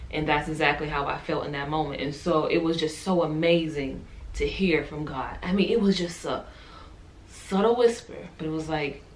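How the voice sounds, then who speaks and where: A young woman vlogger telling a personal faith testimony, animated and emotional, talking straight to her viewers. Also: on the low side, slight background noise. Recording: echoey room.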